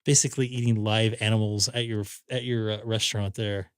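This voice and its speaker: A man's voice: lowish voice, flat delivery, fairly quick, clean tone, no room sound, clean studio sound. A man hosting a ham radio live stream, telling rambling stories in casual chat and acting out quotes. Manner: rambling anecdotes with acted-out quotes.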